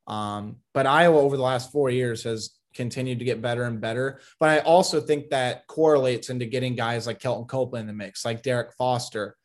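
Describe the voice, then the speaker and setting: A man's voice: mid-range voice, steady tone, a little fast, few pauses. A man co-hosting a casual sports talk show, giving opinionated takes on college football recruiting and teasing his co-host.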